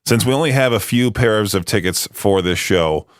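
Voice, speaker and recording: A man hosts a radio show in a studio. His voice sits somewhat low, and his speech is loose and rambling, full of ums and self-deprecating jokes. The sound is dry and close on the mic. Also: moderate pace, no room sound. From United States. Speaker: radio host. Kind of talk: casual chatty radio breaks.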